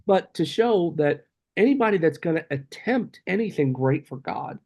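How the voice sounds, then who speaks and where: A man with a somewhat high voice tells stories as a guest on a podcast interview. He talks in an animated, loose way and peppers his sentences with "you know". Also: normal speed, muffled recording. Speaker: guest, co-author of a book about his father. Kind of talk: casual interview storytelling.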